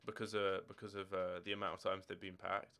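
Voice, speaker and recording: Smooth-voiced young man chatting on stream. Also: deep voice, little pitch movement, a little fast, bright, forceful tone. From Scotland. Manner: rambling, chatty, answering chat questions as they come. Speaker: game streamer. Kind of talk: casual live-stream chat. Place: home room with football shirts and drawers.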